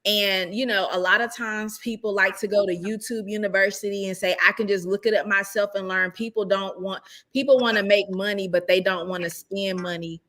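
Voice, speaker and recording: A woman's voice: mid-range voice, steady tone, brisk, a bit bright. A woman speaking as a real estate investor, giving casual, emphatic advice and often checking in with rhetorical questions.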